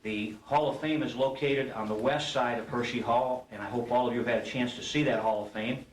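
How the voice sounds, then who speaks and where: A man's voice: mid-range voice, fairly even intonation, fairly quick, slight background noise. A man presenting an award at a banquet, formally reading an introduction from notes and stumbling now and then. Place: banquet hall. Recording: roomy hall recording from a distance.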